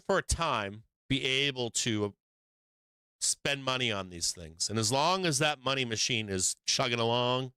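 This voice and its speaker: A man's voice: mid-range voice, pushed and bright, smooth, dry recording. A man hosting a live stock market show, talking bluntly and profanely, hammering points through repetition. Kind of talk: livestream market commentary.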